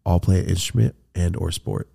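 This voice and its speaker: A man with a low, gravelly voice hosts a casual podcast chat. He tells a story with animated energy, swearing freely and slipping into voices when he quotes friends. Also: fairly quick. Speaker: podcast host.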